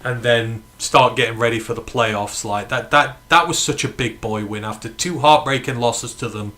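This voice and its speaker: A man from the UK hosting a live fan watch-along stream, talking in an excited, emphatic way and swearing freely. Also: medium pitch, normal speed. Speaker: fan podcast host.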